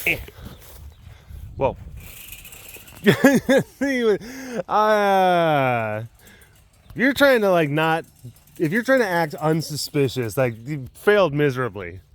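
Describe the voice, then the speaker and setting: A man's voice: fairly high pitch, big pitch swings, slow pace, long pauses, dry recording. A man, a big cat keeper telling stories in a casual vlog, rambling with many fillers and chuckles.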